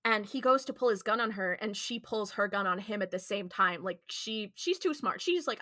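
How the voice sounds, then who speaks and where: A woman's voice: medium pitch, expressive, moderate pace, sharp tone, no room sound, clean studio sound. A woman co-hosting a podcast, retelling an episode in casual chat and acting out the characters' lines. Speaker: podcast co-host.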